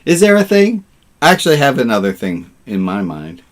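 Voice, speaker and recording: A man's voice: mid-range voice, huge pitch swings, a little fast. A man leading an online service as rabbi, casual and playful, fond of puns, on a video call.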